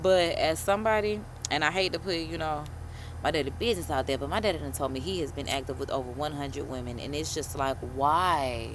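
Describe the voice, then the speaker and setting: A woman host chatting casually while reacting to a video, animated and slangy, swearing and calling listeners honey. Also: sits low, fast, noisy background. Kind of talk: casual chat.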